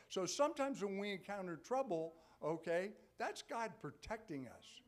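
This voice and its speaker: Older man, pastor, live church sermon, conversational, emphatic peaks, voice on the higher side. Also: very animated, normal speed, few pauses. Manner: conversational preaching, frequent "okay?" check-ins, rising to loud emphatic peaks. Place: church sanctuary.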